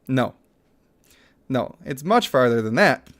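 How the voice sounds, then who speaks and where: A man's voice: mid-range voice, big pitch swings, slow pace, a bit bright. A man in his thirties chatting casually on a livestream, reading out chat messages and laughing often. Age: 30s.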